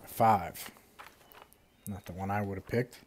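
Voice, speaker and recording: A man narrating as game master in a relaxed, casual way, with lots of fillers. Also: low voice, takes it slowly.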